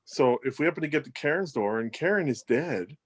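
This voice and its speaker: A man's voice: on the high side, lively intonation, brisk. A man playing in a tabletop game, talking in blunt, sarcastic banter. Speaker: player. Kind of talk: casual tabletop play.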